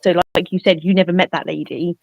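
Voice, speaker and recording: A woman's voice: lowish voice, steady tone, fast, vocal fry, a little mellow, no room sound. An English woman speaking as a medium and guest in a casual chat, patiently explaining her ideas in an earnest way. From England. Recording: dull lo-fi line, dry.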